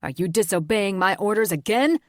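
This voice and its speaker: A woman reading an audiobook, voicing a cruel, sneering male government agent who shouts frantic orders. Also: mid-range voice, moderate pace, no echo, studio quality, close to an everyday voice. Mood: angry.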